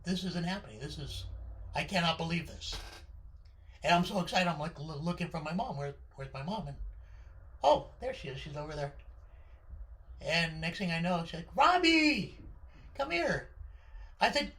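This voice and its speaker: A man in his fifties telling a personal childhood story in an excitable, animated way, stumbling over repeated words. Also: a little high, normal speed, long pauses, slight background noise. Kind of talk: personal story told to an audience.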